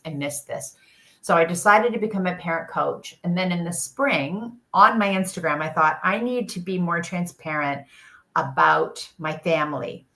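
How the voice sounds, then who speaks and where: Canadian woman guest, lowish voice but bright, earnest and straight to the point. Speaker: guest parent coach. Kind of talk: casual chat.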